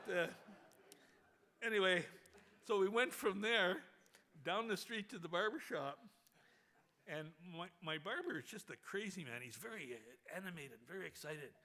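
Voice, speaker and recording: A man with a high-sitting voice shares an amusing anecdote at a memorial, telling it in a lively way at a moderate pace and laughing as he talks.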